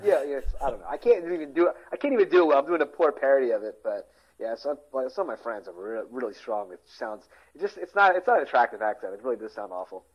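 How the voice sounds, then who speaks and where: A man's voice: mid-range voice, sing-song, fast talker. Man, forties, casual podcast co-host, rambly, lo-fi sound. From Philadelphia area. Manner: rambling, self-interrupting, trails off quietly. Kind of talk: casual chat.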